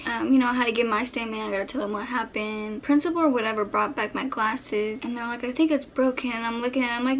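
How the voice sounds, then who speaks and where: Animated young woman telling a storytime. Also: a little high, quick pace, few pauses, lo-fi sound, a little hiss or hum. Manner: animated retelling, acting out her own past lines. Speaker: vlogger. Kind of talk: casual storytime.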